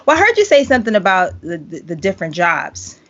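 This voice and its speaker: A woman in her forties hosting a podcast, playful and animated with quick asides. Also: mid-range voice, faint music behind. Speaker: podcast host and singer. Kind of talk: casual interview chat. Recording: dull lo-fi audio.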